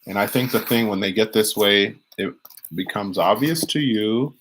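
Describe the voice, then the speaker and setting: A man's voice: on the low side, moderate pace, a bit bright, slight background noise, rough recording. A man giving a live-streamed tarot reading in a casual, rambling way, restarting and repeating phrases as he talks. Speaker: tarot reader.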